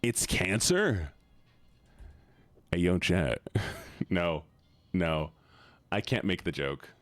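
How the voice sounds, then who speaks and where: Young guy streaming, lowish voice that swings a lot, jokey, swears, talks to chat. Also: lively intonation, very slow, dry recording, soft background music. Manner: joking, profane, talks straight to chat. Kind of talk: casual live-stream chat.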